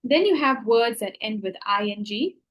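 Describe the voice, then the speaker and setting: A woman's voice: fairly high pitch, expressive, normal speed, rough recording. A woman teacher patiently explaining grammar rules, stopping often to check that the students are following. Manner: patient, repeats "okay?" to check understanding.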